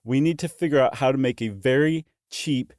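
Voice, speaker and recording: A man's voice: mid-range voice, brisk, dry recording. A man co-hosting a podcast, his voice in an ordinary middle register. He chats casually and slips into joking asides. The sound is close and dry. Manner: jokey, animated asides. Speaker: podcast co-host. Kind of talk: casual chat.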